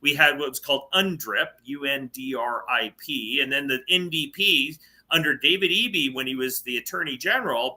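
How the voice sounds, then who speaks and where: A man from Canada talks politics on a livestream with a sharp, very bright tone and a slightly higher voice than most men. He argues hard, piling up rhetorical questions in an emphatic, opinionated chat. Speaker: political talk show co-host. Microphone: livestream call mic.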